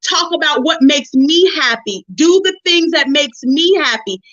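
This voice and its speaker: A middle-aged woman hosting a relationship forum, telling her own story to listeners in a lively, preachy way and calling them honey and sis. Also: high-pitched, a little slow, highs cut off. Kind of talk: personal testimony to listeners.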